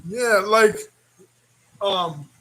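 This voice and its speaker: A man hosting a reaction video, talking in a rambling, animated way and laughing often. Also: high-pitched, extremely slow, rough recording. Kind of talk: casual reaction commentary.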